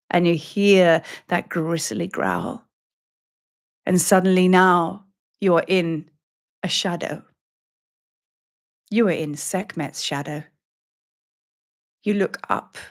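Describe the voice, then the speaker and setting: A woman leads a guided meditation journey, telling it slowly and dramatically. Her voice sits at a middle pitch for a woman. She speaks as a teacher and priestess guiding her listeners. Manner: slow, dramatic storytelling.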